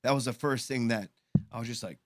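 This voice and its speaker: A man co-hosting a live call-in show, telling a long story in casual chat, halting and restarting often. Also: mid-range voice, no room sound. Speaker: podcast co-host.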